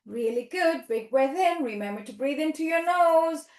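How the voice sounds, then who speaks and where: A woman's voice: high-pitched, lively intonation, moderate pace, darkish tone. A woman leading a toddler yoga class in a sing-song, encouraging way, with playful animal sounds. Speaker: children's yoga teacher. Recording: echoey room.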